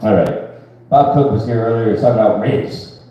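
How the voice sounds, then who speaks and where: At a live comedy venue, a stand-up comedian in his thirties does a crude, rambling set, often asking the crowd "right?". His voice is on the low side and mellow at a moderate pace, picked up from far off in an echoey room with the highs cut off and slight background noise.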